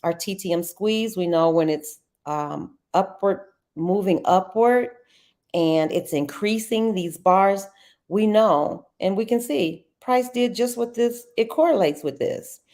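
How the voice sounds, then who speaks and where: A middle-aged woman, hosting a casual live trading walkthrough, chatty and quick to laugh. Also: medium pitch, darkish tone. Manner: chatty, laughs often, addresses viewers as y'all.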